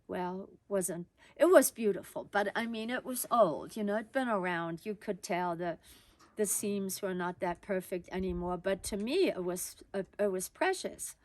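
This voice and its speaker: A woman tells a personal story from her own life in a conversational tone. She speaks easily, with natural pauses. The sound is dry and close. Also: mid-range voice, lively intonation, dry recording.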